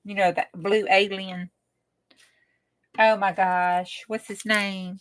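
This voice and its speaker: A woman's voice: mid-range voice, fairly even intonation, slow, pauses often, no room sound. A woman chatting casually while she crafts, often dropping to a whisper. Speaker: craft channel host.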